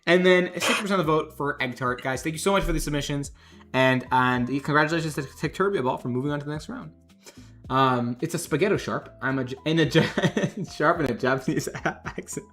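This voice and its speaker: Soft music plays behind a man who comments casually on fan art during his livestream as a game developer, cracking jokes, laughing a lot, and reading out donations. He talks briskly with a fairly high, lively, fairly bright voice.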